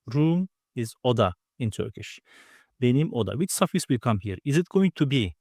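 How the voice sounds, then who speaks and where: Man, language teacher, patient step-by-step explaining, slow repeated words, dry close sound. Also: mid-range voice, darkish tone, dry recording. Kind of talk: grammar lesson.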